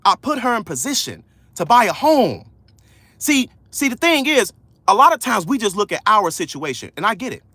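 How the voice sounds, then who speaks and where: A man coaching viewers on a livestream, loud, slangy and preachy, repeating key lines. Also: sits high, sing-song, normal speed, husky, no room sound. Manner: casual slangy speech. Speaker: credit coach hosting a livestream. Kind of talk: motivational livestream talk.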